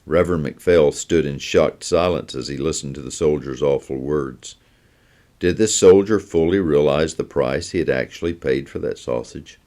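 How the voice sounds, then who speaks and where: A man, a pastor, reading a children's story aloud in a steady storytelling manner. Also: rumbling low.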